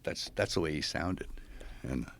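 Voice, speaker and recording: A man in casual conversation, telling an animated story and acting out the voices of the people in it. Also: a bass voice, measured pace, gravelly.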